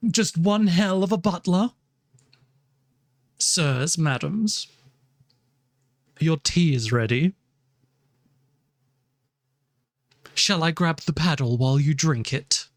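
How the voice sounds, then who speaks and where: A man voicing a pompous, mock-refined English gentleman in a put-on upper-class English accent, bantering live with a stream chat. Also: a little high, slow pace, pauses often, no echo, clean studio sound. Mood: prim butler. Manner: haughty, drawling, mock-refined. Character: pompous posh English gentleman, a theatrical butler.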